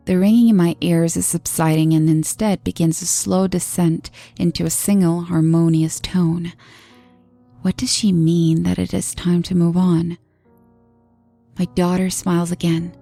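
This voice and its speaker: A woman narrating a scripted horror story in first person in a steady, earnest storytelling manner. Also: on the low side, a little slow, vocal fry, dry recording, faint music behind.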